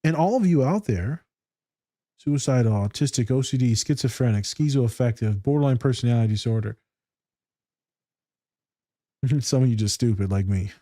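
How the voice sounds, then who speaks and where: A man's voice: mid-range voice, normal speed, pauses often, dark tone, no room sound, studio quality. A man who works as a therapist, co-hosting a podcast in loose, profane chat, telling stories with lots of energy, swearing freely and laughing often. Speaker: podcast co-host.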